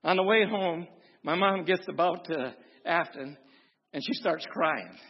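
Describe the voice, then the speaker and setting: Speaking at a measured pace, a pastor from Wisconsin uses a slightly high, husky voice for his sermon. His style is folksy and humorous, telling stories and preaching with force as the intensity climbs. Long hall reverb fills a dull, lo-fi recording.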